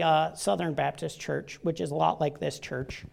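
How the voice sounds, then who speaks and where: A man's voice: on the high side, fairly even intonation, normal speed, vocal fry, darkish tone, a little hiss or hum. A man preaching a sermon in a church, chatty and joking, often asking the congregation "right?". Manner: joking, conversational, asks the crowd "right?". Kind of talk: casual sermon.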